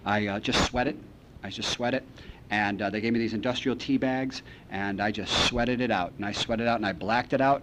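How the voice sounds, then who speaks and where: A man speaking at a recovery meeting, telling his story with lively acted-out phone calls and repeated lines. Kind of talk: storytelling talk to an audience. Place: meeting hall. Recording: archival talk recording with faint rumble.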